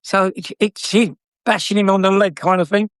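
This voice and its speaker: A man's voice: high voice, steady tone, moderate pace, clear, resonant tone, no room sound, studio quality. An older man with a South London accent, a former car dealer telling stories in a chatty, cheeky way with frequent laughs. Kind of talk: anecdotal storytelling.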